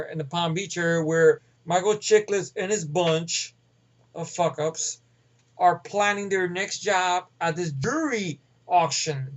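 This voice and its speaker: A man's voice: fairly high pitch, dull audio. A man ranting casually about a movie, rambling and swearing with many fillers. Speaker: movie reviewer.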